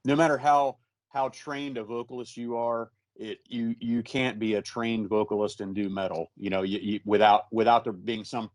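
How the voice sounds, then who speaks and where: A man co-hosting a casual interview, speaking in a relaxed, halting way with frequent restarts. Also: fairly low pitch, dry recording. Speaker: co-host and musician.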